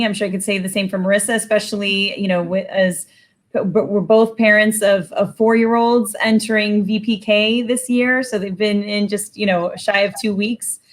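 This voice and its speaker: A woman's voice: medium pitch, fairly even intonation, normal speed. A woman co-hosting a panel discussion, speaking eagerly and appreciatively. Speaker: co-host.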